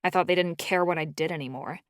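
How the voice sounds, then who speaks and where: A woman's voice: lowish voice, fast, no echo, clean studio sound, close to an everyday voice. A woman voicing a fierce, hot-tempered young woman shifter who talks sharply. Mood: defiant. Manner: sharp, snapping.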